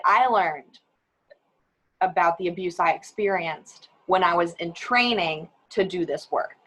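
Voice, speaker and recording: A woman's voice: lowish voice, low-quality recording. A woman who works as an advocate for abuse survivors, speaking candidly and with animation on a webinar panel over a video call. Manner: candid, animated, with laughs and acted quotes.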